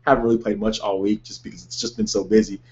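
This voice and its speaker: Breathless, excited gaming vlogger man. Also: fairly low pitch, fast, muffled recording. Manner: enthusiastic, rambling with fillers. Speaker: gaming channel host. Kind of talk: casual vlog talk to viewers.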